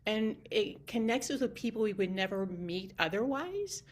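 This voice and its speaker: A woman speaks on a group video call in a casual storytelling style. Her pitch sits in the middle range. She is animated and acts out little quoted exchanges as she talks. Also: normal speed, a little hiss or hum. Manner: animated, with quoted back-and-forth dialogue. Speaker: community team member and guest.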